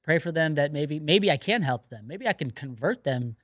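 A man speaking softly as a podcast guest, a real estate investor chatting casually and often answering "yeah". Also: on the high side, lively intonation, normal speed, slightly rough, no echo, clean studio sound. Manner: soft-spoken, frequent "yeah" and "mm-hmm". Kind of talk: casual interview talk.

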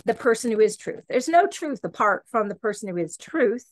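A woman's voice: fairly high pitch, animated, normal speed. A middle-aged woman hosting a podcast, teaching the Bible in an earnest, conversational way and often checking in with "okay" and "right". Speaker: podcast host and Christian teacher.

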